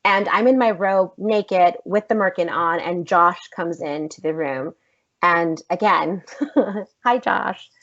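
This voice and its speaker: A woman actress telling a story in a casual podcast interview, animated and emphatic, swearing freely. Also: lowish voice, slow pace. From United States. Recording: slightly dull lo-fi podcast audio.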